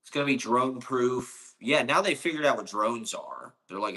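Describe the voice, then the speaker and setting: A man's voice: mid-range voice, expressive, moderate pace, pushed and bright. A man from Ohio delivering a casual, rambling monologue, profane and sarcastic.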